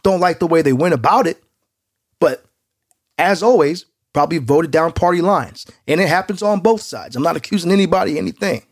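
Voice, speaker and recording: A man co-hosting a podcast in casual chat, animated and joking. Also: a little high. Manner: animated and joking, quick to laugh. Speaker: podcast co-host.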